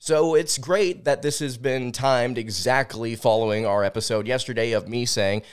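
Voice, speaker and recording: A man hosts a solo sports talk show, chatting loosely and stopping to read quotes aloud. His voice is smooth and clear at an ordinary male pitch. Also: normal speed, hardly any pauses. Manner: conversational, reads quotes aloud, frequent fillers. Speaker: sports podcast host.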